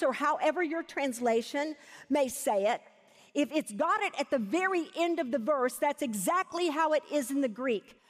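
A high-pitched woman preaches with emphasis and leans hard on key phrases. Her voice rings out with a long reverb from a large hall. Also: expressive. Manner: emphatic, slows down to stress key words. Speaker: Bible teacher. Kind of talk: sermon.

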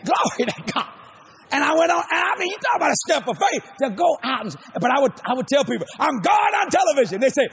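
An older man with a Cajun accent preaching a sermon, emphatic and repetitive, often shouting his lines. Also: very high-pitched, sing-song, fairly quick, breathy edge.

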